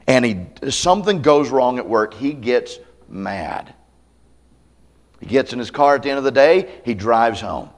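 Animated man preaching a conversational sermon. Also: mid-range voice. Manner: conversational, acts out quoted voices; candid, self-deprecating humor. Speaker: pastor. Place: church camp meeting.

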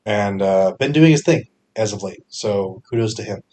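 A young man hosting a fantasy sports podcast, talking casually with energetic bursts and frequent fillers. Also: on the low side, normal speed. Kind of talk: casual solo podcast picks.

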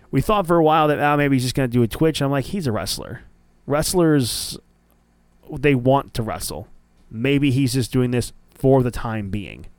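A young man hosting a wrestling podcast alone, chatting casually and getting excited, often repeating words. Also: mid-range voice, no echo. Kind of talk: casual solo commentary.

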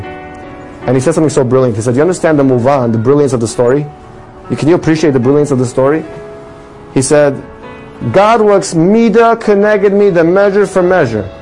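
A man telling a religious story with a moral in an animated sermon style, his voice rising for the dramatic lines. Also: a little high, poor audio. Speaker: storyteller teaching a religious lesson.

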